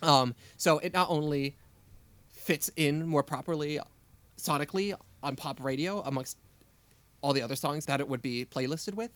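This podcast co-host, a man with a slightly high, somewhat bright voice, talks at a normal speed in a recording with no echo. He's casually and eagerly breaking down song arrangements and melodies, enthusiastic and analytical, peppering his speech with "like" and "um."

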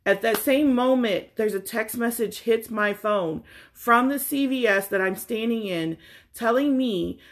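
A woman's voice: medium pitch, fairly bright tone. A middle-aged woman in a casual chat, animatedly retelling a frustrating errand and mimicking the other people's lines with exasperation.

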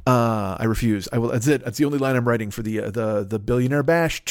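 A man's voice: medium pitch, quick pace, hardly any pauses, dry recording, clean studio sound. Profane rambling man hosting a podcast. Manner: profane, rambling, tangent-driven rant. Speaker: podcast host. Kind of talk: comedic solo monologue.

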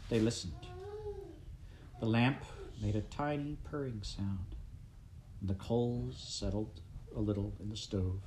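A man reading a storybook aloud in gentle, steady scripted narration. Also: on the low side, unhurried, long pauses, slight background noise, rough recording. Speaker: audiobook reader.

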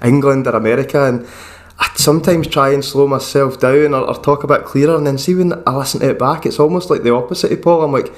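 Fast-talking Scottish podcast host. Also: male voice, medium pitch, steady tone. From Scotland. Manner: chatty, swears casually. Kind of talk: casual podcast chat.

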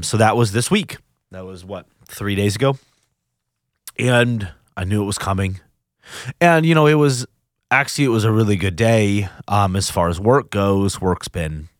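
Low-voiced guy talking about his recovery, halting and emotional, close dry mic. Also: dry recording. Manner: earnest, halting, confessional. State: emotional, near tears. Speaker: podcast host. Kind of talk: personal recovery podcast monologue.

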